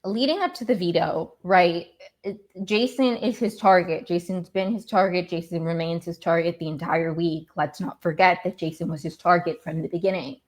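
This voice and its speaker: A woman's voice: lowish voice, fairly even intonation, moderate pace. A woman hosting a podcast, recapping a reality show in a casual, rambling, exasperated way and often going off on tangents. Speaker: podcast host.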